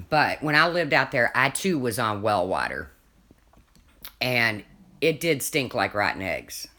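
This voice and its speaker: Livestreamer, casual chat, rambling storyteller, frequent restarts, mid pitch. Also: big pitch swings, slow, long pauses, sharp tone. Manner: chatty, rambling, restarts often, laughs at own stories.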